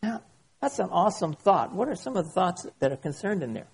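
Guy pastor giving a sermon, kinda husky, expressive, slows way down for the bible verses. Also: sits high. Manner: expressive, reads scripture aloud slowly and dramatically.

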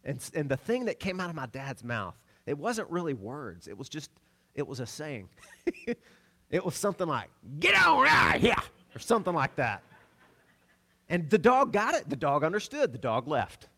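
A middle-aged man from the American South delivers a sermon in a fairly high, lively voice that rises and falls constantly. He tells stories with bursts of laughter and hushed asides, like a pastor talking straight to his congregation. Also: moderate pace. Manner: animated storytelling, laughs between lines, swings loud and soft.

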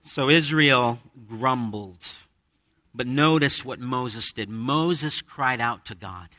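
A male pastor preaches to his congregation in a conversational way, acting out quoted voices as he teaches. His tone is very bright and ringing. The sound is dry and close. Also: mid-range voice, slow, no room sound. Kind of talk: sermon. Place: church with a congregation.

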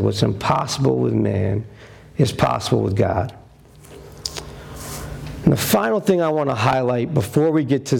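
A man delivers a sermon as animated storytelling, slipping into character for each quoted line. His voice sits a little high and swoops widely in pitch, with a gravelly edge. He takes his time over the words. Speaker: preacher.

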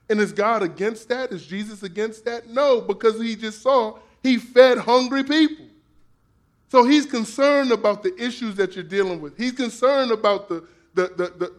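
A man's voice: high-pitched, fairly bright tone. A man preaching a sermon in a conversational, playful way, using slang and acting out quoted voices. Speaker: pastor.

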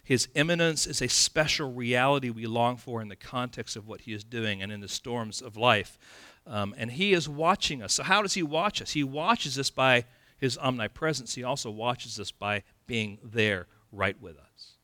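A male pastor from California preaches a sermon in a lively, conversational way, acting out scenes with playful sound effects. His voice is mid-range at normal speed, with no echo.

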